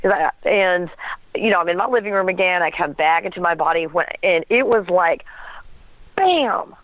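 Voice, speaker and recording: Woman guest, lively storyteller who acts out dialogue, heard over a thin phone line. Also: lowish voice, moderate pace, dry recording. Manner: animated storytelling with laughs and acted quotes. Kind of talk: telling a personal story.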